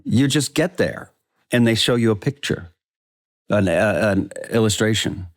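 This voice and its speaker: Low-voiced man telling animated stories. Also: a little slow, no room sound, studio quality. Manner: animated storyteller, acts out quoted dialogue. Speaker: actor guest. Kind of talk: casual interview chat.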